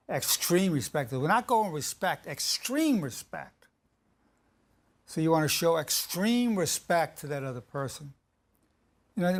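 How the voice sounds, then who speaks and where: A man lectures on marriage in a gravelly, slightly high voice. He hammers his key phrases with slow repetition and often restarts his sentences partway through. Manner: emphatic, repeats key phrases slowly; halting restarts mid-sentence.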